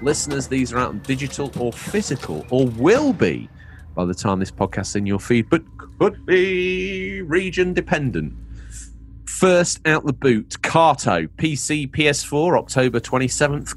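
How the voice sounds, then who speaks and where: A man's voice: mid-range voice, expressive, moderate pace, a little hiss or hum. A man co-hosting a podcast, playful and jokey, reading game release news between laughs. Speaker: podcast co-host. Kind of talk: casual podcast chat and game-release readouts.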